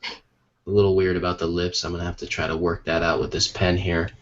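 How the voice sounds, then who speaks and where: A man's voice: low voice, level tone, fairly quick, lo-fi sound. A man co-hosting a podcast as an artist, joking and teasing casually while he draws. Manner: joking, teasing, playful voices in quoted bits. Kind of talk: casual chat while drawing.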